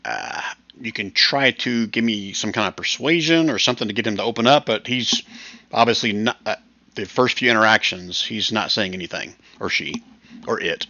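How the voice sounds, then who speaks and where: A man narrating as game master of a tabletop game over voice chat, relaxed and rambling. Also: on the low side, moderate pace, no echo. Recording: dull lo-fi voice chat.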